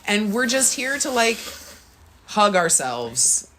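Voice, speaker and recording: A woman co-hosting a casual spiritual podcast, telling a personal story earnestly and acting out her own thoughts in a higher voice. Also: very animated, slow, bright, forceful tone, a little hiss or hum. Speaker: podcast co-host.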